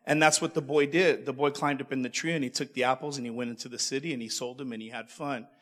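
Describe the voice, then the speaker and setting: A man's voice: medium pitch, fairly even intonation, quick pace, fairly bright tone, in a large hall. A male preacher delivering a sermon, calling out to the congregation and repeating himself as he goes. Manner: call-and-response, stumbling repeats.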